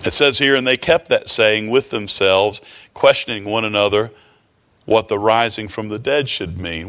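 A man's voice: on the low side, moderate pace, fairly bright tone. A man preaching a sermon in a folksy, repetitive way, often chuckling.

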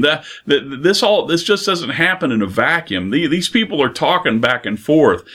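A man preaching a sermon, earnest, posing rhetorical questions and slowing down for emphasis. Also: on the high side, big pitch swings, a bit bright.

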